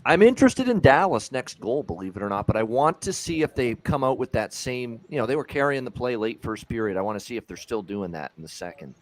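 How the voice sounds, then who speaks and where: A man co-hosting a live betting stream, relaxed and casual, recapping plays and assists. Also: medium pitch, brisk, hardly any pauses. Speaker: betting show co-host.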